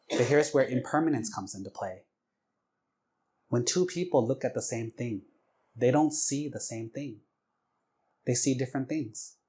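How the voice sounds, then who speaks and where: A man, a Buddhist monk, giving a sermon as an animated storyteller who acts out the voices in his story. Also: mid-range voice, husky. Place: temple.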